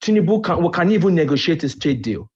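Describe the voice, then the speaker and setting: A man's voice: fairly high pitch, very animated, fast talker, darkish tone, husky. A man calling in to a live talk stream, indignant and firing rhetorical questions. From family in Nigeria. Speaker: caller. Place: lives in the UK. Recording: muffled lo-fi call audio.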